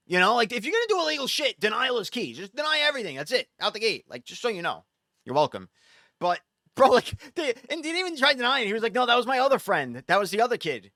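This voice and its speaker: A man, a streamer, telling a story in casual, profane, animated talk. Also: high voice, dry recording.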